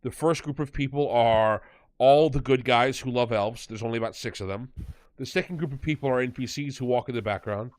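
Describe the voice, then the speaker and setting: Man, podcast host, casual review chat, rambling, sarcastic, medium pitch, dry close sound. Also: fairly quick, a little mellow, no room sound.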